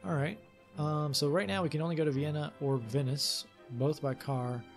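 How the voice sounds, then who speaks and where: A man from Louisiana hosting a let's play, reading the game's story text aloud and thinking out loud in a laid-back way. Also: fairly high pitch, fairly even intonation, normal speed, faint music behind. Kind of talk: reading game text aloud with casual commentary.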